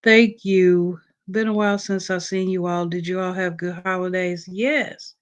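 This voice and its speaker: A woman's voice: fairly low pitch, steady tone, measured pace, highs cut off. A woman hosting a casual livestream, just out of bed, reading points from a list with plenty of ums and chatting with her viewers. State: just woke up. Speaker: livestream host.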